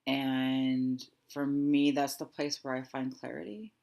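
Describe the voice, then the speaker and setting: A woman in her thirties giving a guided reflective talk as a wellness coach, speaking softly and slowly with thoughtful pauses. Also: extremely low pitch, fairly even intonation, creaky. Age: 30s. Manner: soft, slow and reflective, with pauses.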